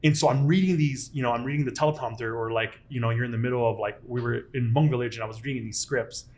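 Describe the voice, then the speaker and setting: A man in his thirties hosts a casual podcast chat. He tells his stories with animated energy and pokes fun at himself. His voice sits at an ordinary middle pitch. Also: fast. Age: 30s. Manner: animated, self-deprecating storyteller. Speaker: podcast host.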